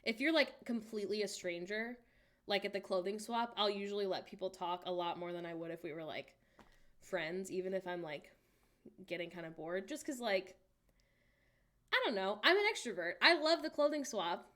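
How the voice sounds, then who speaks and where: Woman, late twenties, livestream host, casual candid chat, reads viewer messages aloud, animated asides, mid-pitched voice. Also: normal speed. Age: late 20s.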